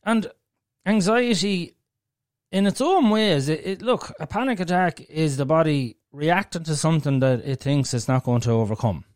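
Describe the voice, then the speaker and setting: A man's voice: a little high, moderate pace, darkish tone, dry recording, clean studio sound. A man with an Irish accent hosting a solo podcast, talking frankly and bluntly and swearing freely as he shares his own experience. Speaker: podcast host. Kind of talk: candid solo podcast monologue.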